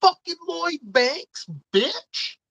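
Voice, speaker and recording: A woman's voice: very high voice, sing-song, very slow, vocal fry, fairly bright tone, no echo, poor audio. Swearing, indignant woman streamer, dry mic. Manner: swears a lot, indignant and opinionated. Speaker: live stream host. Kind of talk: casual live stream chat.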